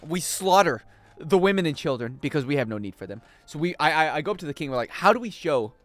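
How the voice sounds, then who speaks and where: A man chatting casually and joking with his chat while he plays a game on a livestream, swinging between loud outbursts and mumbled asides. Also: on the high side, very animated, fast talker. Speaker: game streamer.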